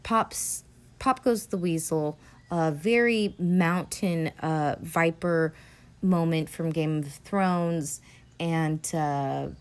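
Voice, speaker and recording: A woman's voice: sits low, slow pace. Rambling, profane woman podcast host. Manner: rambling, profane, filler-heavy. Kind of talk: casual film recap chat.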